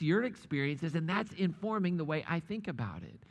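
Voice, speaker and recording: A man's voice: sits high, expressive, a little fast, vocal fry, hardly any pauses, fairly bright tone, long reverb tail. A middle-aged man preaching a sermon to a live congregation in a church, conversational and joking, often asking the audience questions. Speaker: pastor.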